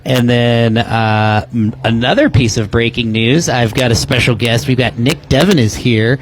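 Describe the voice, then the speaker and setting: A man co-hosting a podcast, reading league announcements and game notes in a measured way with many fillers. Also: mid-range voice, noisy background. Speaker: podcast co-host. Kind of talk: casual announcement.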